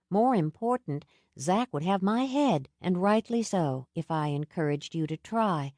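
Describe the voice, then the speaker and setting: A woman narrator voicing a calm, self-assured woman who weighs her words deliberately. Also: on the low side, no room sound, studio quality, natural voice. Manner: measured, deliberate.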